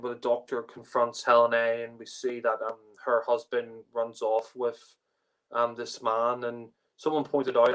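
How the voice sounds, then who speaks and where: A man's voice: mid-range voice, fairly bright tone, low-quality recording. A man giving a casual spoken review, rambling with lots of fillers and restarts. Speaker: podcast panelist reviewing a TV story.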